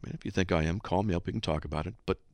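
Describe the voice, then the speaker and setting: A man's voice: low-pitched, very fast, darkish tone, no room sound. A man hosting a Christian call-in radio show, telling a story in an earnest, exhorting way.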